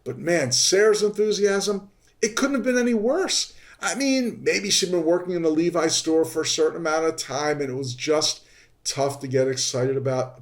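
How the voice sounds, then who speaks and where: A man hosting a podcast, telling a story in an animated way and jumping high in pitch when he acts out his exasperation. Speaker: podcast host. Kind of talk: storytelling monologue. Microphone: podcast microphone.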